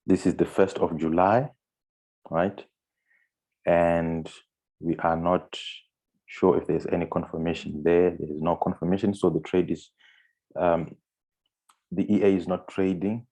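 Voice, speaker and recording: A man's voice: low-pitched, mellow. A man giving a screen-share trading tutorial, walking through on-screen steps with frequent fillers and restarts. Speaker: trading instructor.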